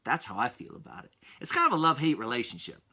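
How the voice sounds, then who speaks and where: A man's voice: mid-range voice, huge pitch swings, fast talker, bright, forceful tone. A man in his thirties hosting a podcast for kids, talking in an upbeat, enthusiastic way and speaking to his young listeners directly. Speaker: podcast host. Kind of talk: upbeat kids' podcast talk.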